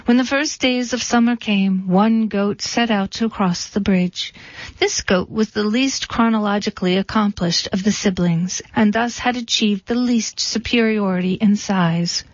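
A woman reading a storybook in a dry, deadpan way. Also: mid-range voice, a little slow, no echo. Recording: dull, dry recording.

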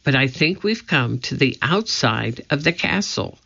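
A woman's voice: rumbling low, expressive, unhurried, gravelly, a bit bright, slightly rough, exaggerated voice. A woman voicing a cautious, anxious young boy who calls out in short lines, in a slightly dull lo-fi recording. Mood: careful. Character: cautious bespectacled boy, the older brother.

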